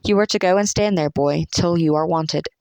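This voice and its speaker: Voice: mid-range voice, moderate pace, vocal fry, darkish tone, dry recording, close to an everyday voice. A reader voicing a proud, taunting young girl in a classic-novel audiobook, speaking coldly and scornfully in clipped phrases. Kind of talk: audiobook character voice.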